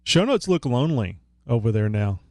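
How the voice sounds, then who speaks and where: Male podcast co-host, gravelly, rambling and joking, dry close mic. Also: medium pitch, very animated, normal speed, no room sound. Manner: joking, rambling, fiddles with his setup while talking. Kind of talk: casual chat.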